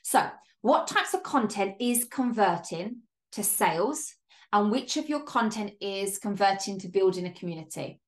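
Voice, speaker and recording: A woman's voice: medium pitch, lively intonation, moderate pace. A woman hosting a solo business podcast, talking in an upbeat, emphatic way, with casual swearing and lots of "like". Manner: chatty with frequent "like" and laughs. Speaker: podcast host and business coach.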